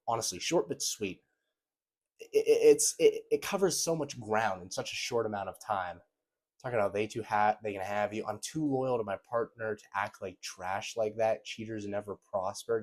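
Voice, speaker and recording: Hosting a laid-back commentary video, a young man mocks the messages he reacts to in an animated, sarcastic way. He speaks on the low side.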